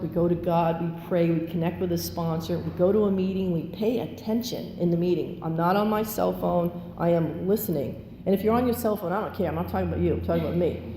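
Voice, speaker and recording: Woman, recovery meeting speaker, candid testimony, animated, echoey hall, faint room ambience. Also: medium pitch, a little hiss or hum. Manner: candid, animated, acts out quotes with laughter. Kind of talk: personal testimony.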